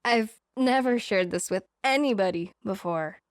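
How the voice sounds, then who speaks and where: A woman's voice: mid-range voice, unhurried, no room sound, studio quality, lightly acted. A woman voicing a nervous, self-mocking young woman in her twenties who talks in jittery, dramatic bursts in a storybook reading. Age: 20s.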